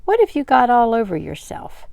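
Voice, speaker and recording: A woman's voice: a little high, huge pitch swings, normal speed, vocal fry, a little mellow, no room sound, dull audio, voice pushed up, heavily acted. An older woman reading aloud, voicing a cheerful teenage girl who reassures her little brother. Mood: soothing.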